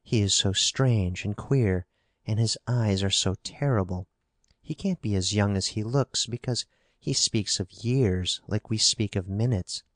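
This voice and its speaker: A man's voice: fairly low pitch, measured pace, dry recording, clean studio sound, natural voice. A man reading the part of a frightened young woman, pleading and anxious. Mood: fearful.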